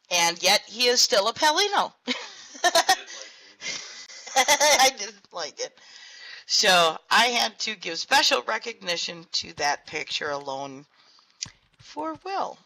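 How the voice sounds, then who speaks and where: Lively slow-paced woman telling a story. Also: mid-range voice, no echo, poor audio. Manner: laughs often, animated when retelling. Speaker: virtual world grid owner speaking at a town hall. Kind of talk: casual storytelling to an audience.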